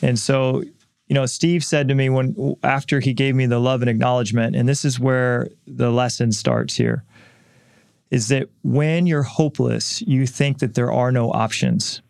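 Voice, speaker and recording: A man's voice: medium pitch, fairly even intonation, normal speed, creaky, darkish tone, clear, resonant tone, dry recording, clean studio sound. A middle-aged man hosting a podcast, speaking candidly and earnestly in a personal reflective monologue, with frequent restarts. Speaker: podcast host and author.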